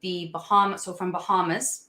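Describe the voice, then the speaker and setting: Excited woman host in an echoey room. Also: fairly low pitch, moderate pace. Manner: excited, gushing fan with frequent laughs. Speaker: podcast host. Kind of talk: casual interview chat.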